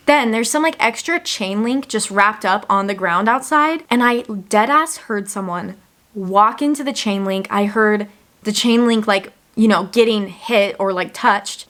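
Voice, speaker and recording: A young woman vlogging from her one-room home, telling spooky stories in a chatty, animated way with lots of "like.". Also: medium pitch. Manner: chatty, animated, says "like" often. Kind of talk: casual storytelling to camera.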